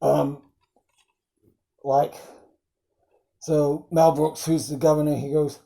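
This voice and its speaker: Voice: medium pitch, little pitch movement, takes it slowly, pauses often, warm tone. A film reviewer talking casually, rambling with many fillers and fondly quoting film lines. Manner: fond, quotes film lines.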